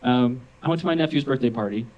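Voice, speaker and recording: A man's voice: mid-range voice, fast talker, narrow, tinny audio. A male stand-up comedian on a club stage tells loose, rambling stories. He chuckles to himself often and fills his sentences with "like." The mood is easygoing and casual. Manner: rambling, chuckles often, heavy use of 'like'.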